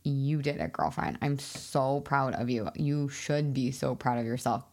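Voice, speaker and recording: A woman hosting her own podcast as a weight loss coach, chatting in a bubbly, excitable way full of fillers. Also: rumbling low, measured pace. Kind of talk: casual solo podcast talk.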